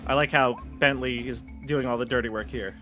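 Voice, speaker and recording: Casual male game master, relaxed descriptive narration, soft music underneath. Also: mid-range voice, brisk. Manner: relaxed, descriptive with frequent restarts. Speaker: dungeon master.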